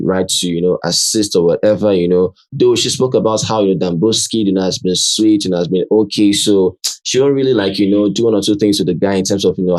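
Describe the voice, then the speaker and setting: A man with a Nigerian accent hosting a casual recap chat, acting out quotes and filling his talk with "you know" and "right?". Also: sits low. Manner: animated, acts out quotes, many "you know" and "right?" fillers. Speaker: show host.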